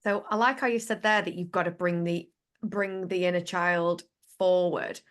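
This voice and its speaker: A woman's voice: lowish voice, fairly even intonation, moderate pace. Chatty playful woman podcast host. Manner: chatty, playful, many "like" fillers. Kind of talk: casual podcast chat.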